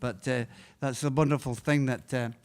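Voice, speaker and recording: Relaxed Scottish man chatting between songs. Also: mid-range voice, normal speed, clean tone. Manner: relaxed and rambling, gentle chuckles, homely storytelling. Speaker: singer-songwriter hosting a live music stream. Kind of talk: casual chat between songs.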